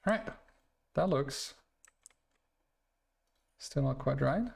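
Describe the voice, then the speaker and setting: Gravelly young man rambling over a game. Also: medium pitch, lively intonation, slow. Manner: rambling, self-correcting, laughs at himself. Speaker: streamer. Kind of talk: casual gameplay commentary.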